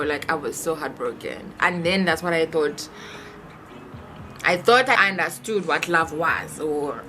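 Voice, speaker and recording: A young woman telling a personal story in a chatty, animated vlog style, full of rhetorical questions. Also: low-pitched, noisy background. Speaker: vlogger. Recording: music playing under voice.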